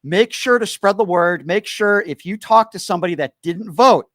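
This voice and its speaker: Man hosting a call-in show, reassuring, earnest, slightly high voice, dry studio sound. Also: moderate pace, a bit bright, no echo. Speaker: host.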